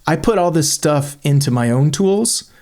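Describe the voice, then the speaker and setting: Man thinking aloud through a software demo. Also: on the high side, animated, a little slow. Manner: thinks aloud, enthusiastic and chatty. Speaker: channel host reviewing a software tool. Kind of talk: screen-recorded software walkthrough.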